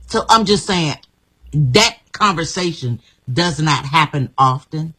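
A woman's voice: low voice, animated, unhurried, a bit bright, breathy edge, rough recording. A woman guest telling her life story in an emphatic, repetitive, motivational way. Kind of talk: inspirational personal story.

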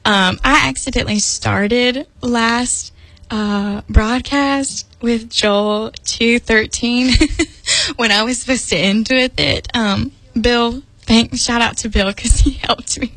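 A woman's voice: a little high, fairly even intonation, takes it slowly, fairly bright tone, no room sound, poor audio. A woman hosting a Bible study broadcast, chatty and giggly, with lots of "like" and "y'all". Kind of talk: casual Bible study talk.

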